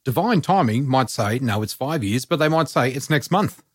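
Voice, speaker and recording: A man's voice: mid-range voice, animated, normal speed, breathy edge, no echo, studio quality. A man in his sixties, a psychic medium talking as a podcast guest, earnestly encouraging the listeners. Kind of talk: casual podcast chat.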